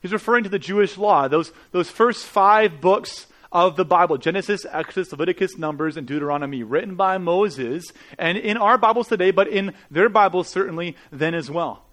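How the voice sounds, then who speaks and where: Earnest male pastor, slightly high voice. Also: fairly quick, hardly any pauses, fairly bright tone. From Canada. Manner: earnest, conversational preaching with rhetorical questions. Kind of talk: sermon.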